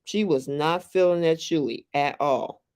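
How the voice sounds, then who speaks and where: A host chatting casually on a live stream about a reality show, reading viewer comments aloud in an unhurried, conversational way. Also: medium pitch, darkish tone, clear, resonant tone.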